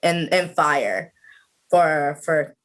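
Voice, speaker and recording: A woman's voice: low-pitched, animated, extremely slow. Chatty young woman on a video call. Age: about 20. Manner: chatty, many "like" fillers. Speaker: student guest. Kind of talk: casual interview chat.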